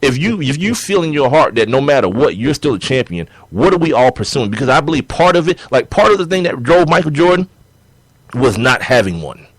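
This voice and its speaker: A young man co-hosting a sports podcast in casual chat, animated and laughing as he argues his points. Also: mid-range voice, fairly quick, no room sound. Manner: animated, laughing, acts out players' quotes.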